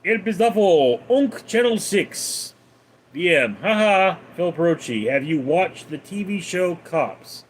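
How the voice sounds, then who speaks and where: A man hosting a casual livestream, reading viewer questions aloud and answering them in a deadpan way. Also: high voice, takes it slowly. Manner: deadpan, reads names then answers. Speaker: livestream host.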